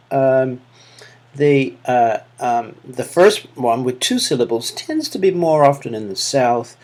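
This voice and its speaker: Male lecturer, Manchester accent, halting delivery full of ums and uhs, mid-range pitch. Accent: Manchester English. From England. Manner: hesitant, many fillers and restarts. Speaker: university lecturer. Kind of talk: recorded lecture feedback.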